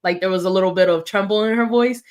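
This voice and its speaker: Animated woman recapping a reality show. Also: mid-range voice. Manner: animated, quick retelling with acted-out quotes. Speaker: podcast co-host. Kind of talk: casual recap chat.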